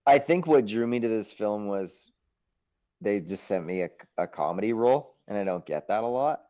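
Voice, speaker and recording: Animated actor telling stories, muffled sound. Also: male voice, lowish voice, normal speed. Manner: animated, acts out his own thoughts, swears casually. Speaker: actor being interviewed. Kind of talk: casual interview storytelling.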